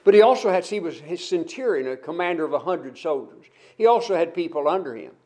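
High-voiced male preacher telling a story. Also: expressive, quick pace, a little mellow. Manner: repeats words when restarting, folksy asides; retells a story with emphasis. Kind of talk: sermon.

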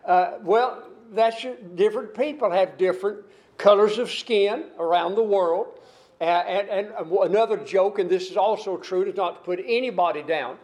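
An older American man preaches with a fairly high voice. He wanders between points, restarts phrases and stretches out the lines he wants to stress. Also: moderate pace, darkish tone. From United States. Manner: rambling, repeats words and restarts phrases, drawls key lines. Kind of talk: sermon.

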